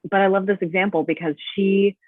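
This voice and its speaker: A woman tells a story with lively bursts of speed. Her voice comes through a thin, phone-like video call line, dry and close. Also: mid-range voice, brisk, husky, no room sound. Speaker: guest. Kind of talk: casual interview storytelling. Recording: tinny dry call audio.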